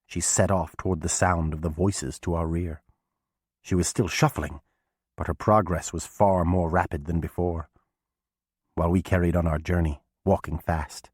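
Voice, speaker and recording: Brief: male audiobook narrator, low voice, measured first-person storytelling, dry close recording. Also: a little mellow, dry recording.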